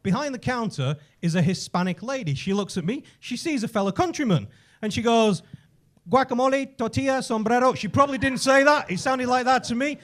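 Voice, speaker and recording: An English man performs stand-up on a comedy club stage, spinning his anecdotes with lively energy and casual swearing. His speaking voice sits unusually high for a man. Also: brisk. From England. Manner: animated storytelling, casual swearing.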